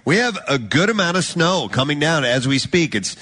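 A man hosting a live morning radio show from a snowy ski hill, relaxed and full of fillers. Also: on the high side, normal speed, no room sound. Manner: relaxed, chatty, with many fillers. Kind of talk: live radio talk show from an outdoor event.

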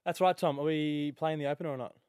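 A man's voice: on the high side, fairly even intonation, fast talker, a little mellow, smooth, dry recording, studio quality. A man co-hosting live radio, talking earnestly and with energy, often laughing. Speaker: radio co-host. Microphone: studio mic.

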